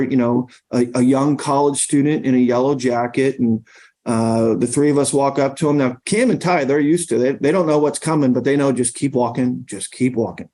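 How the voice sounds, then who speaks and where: A middle-aged man with a mellow, warm tone tells stories at an easy pace. He rambles through long anecdotes as a podcast guest, with plenty of ums and restarts. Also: medium pitch. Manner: rambling anecdotes with many fillers. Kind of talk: storytelling in casual conversation.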